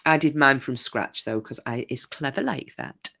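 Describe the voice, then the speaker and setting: A woman's voice: very deep voice, animated, moderate pace, vocal fry, sharp tone. A middle-aged woman, hosting a casual livestream, reading chat messages aloud and trading cheeky, bawdy banter. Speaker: live stream host reading chat.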